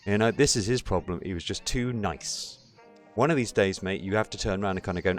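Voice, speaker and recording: A man's voice: fairly low pitch, fairly quick, faint music behind. A man hosting a casual political chat, blunt and sweary, ranting with heat. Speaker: podcast host.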